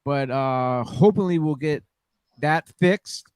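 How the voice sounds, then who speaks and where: A man with a high voice hosts a casual wrestling podcast on a dry close mic. He rambles with fillers and hypes guests the way a ring announcer would. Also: a little slow, a little mellow, smooth, no echo. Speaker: podcast host.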